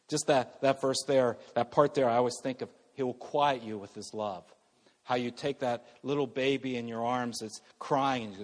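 A middle-aged male pastor preaching a sermon earnestly, moving between loud emphasis and soft, hushed passages. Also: mid-range voice, a little fast, long reverb tail.

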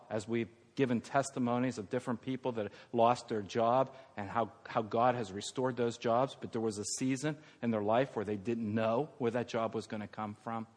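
An older man preaching a sermon as pastor, moving from hushed, tender lines to loud, emphatic ones. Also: mid-range voice. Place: church sanctuary. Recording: long reverb of a church hall.

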